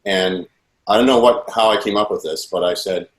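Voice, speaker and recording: A man with a fairly low voice recounts his testimony intensely, replaying the dialogue as he goes. He sounds earnest and urgent. The recording has a roomy echo. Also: moderate pace. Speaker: witness giving testimony. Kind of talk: personal testimony, recounting events. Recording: echoey room.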